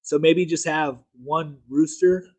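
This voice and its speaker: A man's voice: on the high side, steady tone, slow, low-quality recording. A man hosting a casual political podcast, talking loosely with restarts and laughs. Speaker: podcast host.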